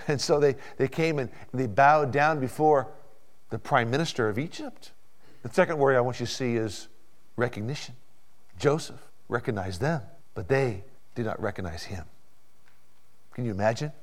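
A man preaching a sermon, building to loud peaks and dropping to hushed asides, often repeating words as he goes. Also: mid-range voice, expressive, moderate pace. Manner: dramatic, swings from hushed to loud climaxes. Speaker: pastor.

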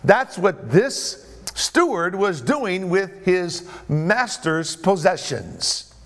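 Animated high-voiced male preacher. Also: extremely slow. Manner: animated, asks the audience questions. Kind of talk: sermon.

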